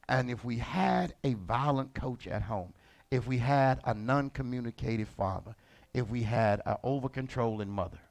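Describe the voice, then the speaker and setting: A man preaching a sermon as lead pastor, colloquial and animated. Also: medium pitch, gravelly. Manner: animated, colloquial, acts out characters.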